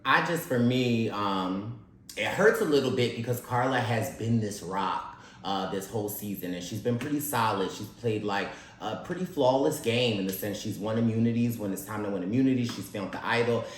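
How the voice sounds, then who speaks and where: A man on a podcast as a guest, giving thoughtful, measured opinions in casual chat. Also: lowish voice, slight background noise. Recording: roomy echo.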